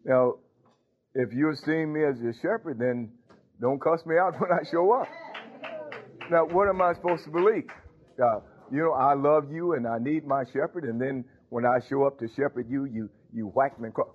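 A male pastor giving a sermon, halting with fillers, then building to emphatic points. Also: on the high side. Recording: tinny phone-like audio.

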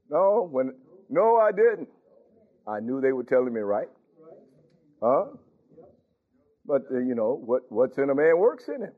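Lively preacher on a tinny line. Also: male voice, mid-range voice, husky. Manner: conversational, questioning the congregation, chuckling. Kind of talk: sermon. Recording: tinny phone-like recording.

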